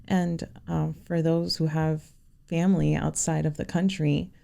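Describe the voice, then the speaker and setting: A woman guest on a podcast, sharing a personal story in a sincere, halting way with many fillers. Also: deep voice, level tone, vocal fry, mellow.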